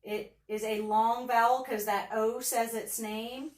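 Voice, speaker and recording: Slow, patient woman teaching phonics. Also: a little high, steady tone, echoey room, far from the mic. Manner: slow, patient, sounding out letters. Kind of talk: phonics lesson for children.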